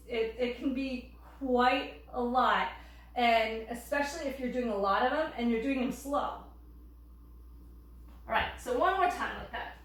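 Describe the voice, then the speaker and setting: A woman instructor calmly cueing breaths and yoga poses while demonstrating, a little out of breath. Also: on the high side. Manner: calm cueing of breath and poses, occasional laughs. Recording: very echoey room, distant mic.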